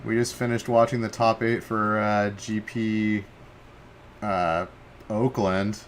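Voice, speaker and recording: A young man streaming casual game commentary from home, talking loosely with lots of fillers, easily excited and swearing. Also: lowish voice, takes it slowly, slight background noise. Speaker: stream host.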